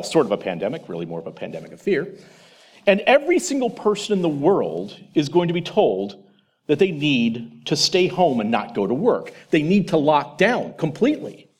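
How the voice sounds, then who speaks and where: Husky, animated male Christian teacher. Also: a little high. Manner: animated storytelling, speaking straight to the listener.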